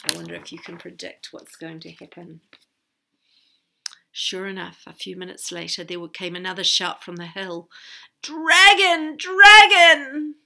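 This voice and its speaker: A woman reading a children's story aloud, expressive, with chatty asides to her listeners. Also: on the low side, normal speed, vocal fry.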